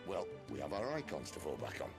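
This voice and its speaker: An actor playing a calm, worldly older man in a video game, speaking in a measured way over game music. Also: low voice.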